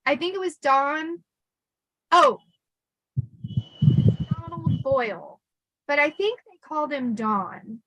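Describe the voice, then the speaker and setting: A woman hosting a casual storytelling livestream, chatty and animated with lots of fillers. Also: sits high, slow, pauses often, no echo, dull audio. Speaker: host.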